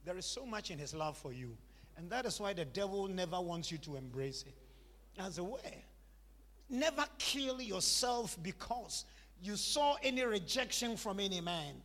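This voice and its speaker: A man's voice: high-pitched, big pitch swings, moderate pace, a bit bright, long reverb tail. A man preaching a sermon, emphatic and repetitive, calling on the congregation to repeat after him.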